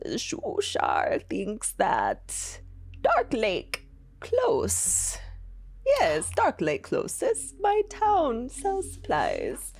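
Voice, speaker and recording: A woman voicing an eager, simple fish-man guide who talks in slow broken phrases and gurgles. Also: a little high, huge pitch swings, a little mellow, breathy edge, no room sound, full character voice. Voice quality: blubbing, gurgling. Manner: slow, broken speech ending in bloops.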